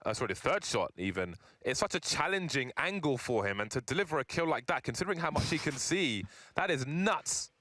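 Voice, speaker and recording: A man doing quick, excitable play-by-play esports commentary in a studio, with dry jokes between calls. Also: fairly high pitch, dry recording. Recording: noisy broadcast with game sounds.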